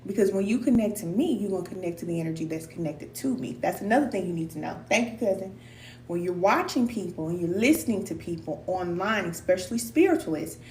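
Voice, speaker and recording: Encouraging woman on an echoey live stream. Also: medium pitch. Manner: warm, encouraging, calls viewers cousin, repeats for emphasis; loose colloquial speech. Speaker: spiritual teacher hosting a live stream. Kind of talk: casual live-stream pep talk to viewers. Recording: echoey room, distant mic, faint hum.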